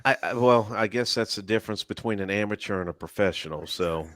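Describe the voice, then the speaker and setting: A man with a lowish voice talks through a live panel chat, rambling through stories with a dry delivery. He chuckles between lines, and the sound is close and dry with no room around it. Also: brisk, a bit bright, no room sound. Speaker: YouTuber and live panel co-host. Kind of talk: casual chat.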